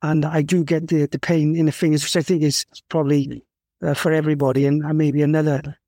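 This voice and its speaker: A man in his fifties from South Wales with a Welsh accent, a guest telling his story in a rambling, halting way with many restarts. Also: fairly high pitch, level tone, dark tone, dry recording, studio quality. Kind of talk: casual interview conversation.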